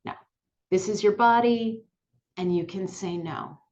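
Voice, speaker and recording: A woman sexuality educator speaking calmly and clearly to the camera, repeating her key points. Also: medium pitch, measured pace, dull audio. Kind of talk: direct-to-camera lesson. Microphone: looking into camera, on-camera mic.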